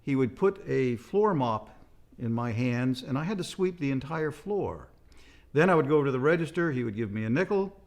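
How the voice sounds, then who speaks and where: An older man calmly telling stories about his father and family history in a documentary interview. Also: mid-range voice, gravelly. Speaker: son recalling his father.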